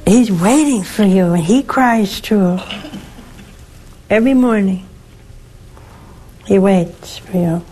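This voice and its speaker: An older woman, a nun hosting a call-in show, teaching faith in a slow, gentle, emphatic way with rhetorical questions. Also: mid-range voice, a little hiss or hum, low-quality recording. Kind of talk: religious teaching and call-in advice.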